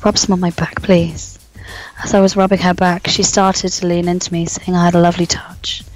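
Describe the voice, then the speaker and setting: A woman co-hosting a podcast in a hoarse, gruff voice that sounds posh, reading mock-erotic passages with crude, teasing humour. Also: lowish voice, level tone, a little mellow, soft background music, low-quality recording. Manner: crude, teasing, reads in slow deliberate tones. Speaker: podcast co-host.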